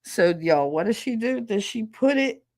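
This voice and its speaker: A woman's voice: fairly high pitch, animated, normal speed, a little mellow, no room sound, clean studio sound. A middle-aged woman hosting a stream, telling a funny story in a casual, profane way and mimicking other people with squeals. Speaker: stream host.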